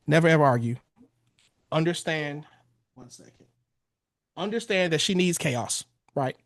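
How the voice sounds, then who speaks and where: A man's voice: fairly high pitch, expressive, measured pace, dry recording, studio quality. A man in his thirties, a relationship coach giving blunt, casual advice on a podcast and swearing freely. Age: 30s.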